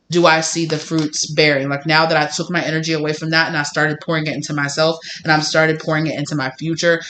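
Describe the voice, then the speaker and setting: A man giving a casual tarot reading, talking in an animated way with lots of fillers and some swearing. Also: on the high side, noisy background. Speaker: tarot reader.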